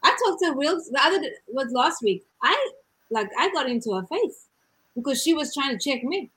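A woman in casual chat about raising her daughters, blunt and animated, laughing often. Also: high voice, normal speed, rough recording.

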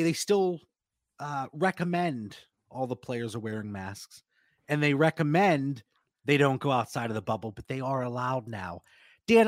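A man's voice: on the high side, no room sound, studio quality. Chatty self-deprecating male podcast host. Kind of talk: casual podcast chat.

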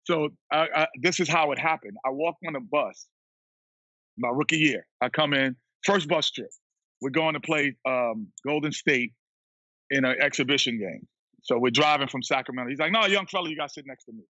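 A man being interviewed who tells a story in a lively way, laughing and acting out what other people said. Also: medium pitch, normal speed, no room sound, muffled recording. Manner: animated storyteller who acts out quotes, laughs often. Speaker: guest, former basketball player and TV analyst. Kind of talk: casual storytelling chat.

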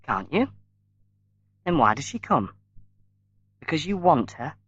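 A man voicing a tired older mother who speaks quietly and bitterly. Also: a little high, big pitch swings, unhurried, slightly rough, no room sound, dull audio, exaggerated voice.

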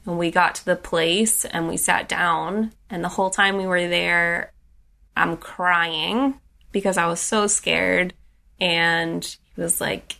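Young woman telling a personal story, lowish voice. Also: flat delivery, measured pace, gravelly, pushed and bright. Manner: casual, lots of "like" and restarts.

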